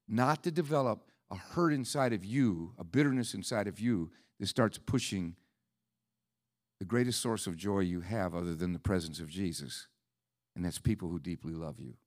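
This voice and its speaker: A middle-aged man preaching a sermon as pastor, swinging between loud emphatic peaks and quiet asides. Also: medium pitch.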